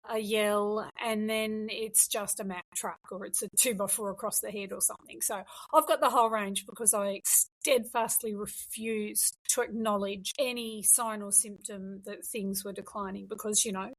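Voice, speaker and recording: In a conversational interview, a middle-aged woman guest tells her story frankly and emphatically. Her medium-pitched voice keeps a fairly even intonation at normal speed, and the recording is rough.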